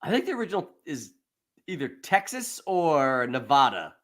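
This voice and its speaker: A man's voice: fairly high pitch, normal speed. A man hosting a casual movie podcast, chatting loosely, laughing often and acting out scenes. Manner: animated, acts out movie scenes in put-on voices, laughs often. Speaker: podcast host. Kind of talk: casual chat.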